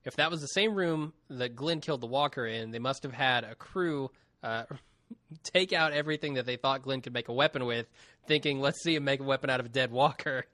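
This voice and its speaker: A man's voice: medium pitch, brisk, pushed and bright, no echo, studio quality. A man co-hosting a podcast, reading listener emails aloud in a casual chat and laughing often.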